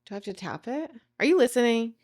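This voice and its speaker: A woman's voice: on the high side, expressive, fast, darkish tone. A woman co-hosting a podcast, chatting casually with teasing banter. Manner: teasing, laughs easily. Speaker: podcast co-host. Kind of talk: casual chat.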